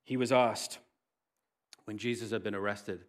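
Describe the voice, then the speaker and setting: Animated male pastor preaching. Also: fairly low pitch, measured pace, long pauses. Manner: animated storytelling with wide swings in loudness. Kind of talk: sermon.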